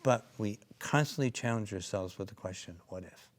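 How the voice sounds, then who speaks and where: A man's voice: fairly low pitch, normal speed. A man co-founder and clinician telling stories in an interview, rambling with many asides and restarts. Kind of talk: interview storytelling.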